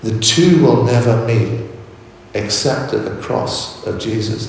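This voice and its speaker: A man preaching a sermon in a measured way, often repeating words as he searches for the next phrase. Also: medium pitch, vocal fry, slight background noise. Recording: echoey hall, voice from far off.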